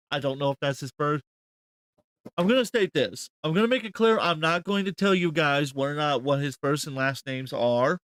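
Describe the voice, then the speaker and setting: A man's voice: fairly high pitch, a bit bright, clean tone, no room sound, studio quality. A man hosting a reaction commentary, rambling and incredulous, swearing often. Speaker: host.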